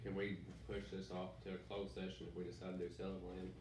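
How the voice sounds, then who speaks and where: A man's voice: sits low, completely flat delivery, fast talker, a little mellow. A man on a city council pressing with questions and asking for clarification, heard from a distant mic. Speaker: council member. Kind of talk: questions at a public meeting. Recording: echoey room, distant mic, faint noise.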